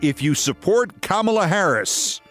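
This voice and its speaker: A man's voice: sits high, big pitch swings, a little slow, fairly bright tone, faint music behind, pitched above the performer's own voice, full character voice. A man putting on a mocking impression of an older male politician.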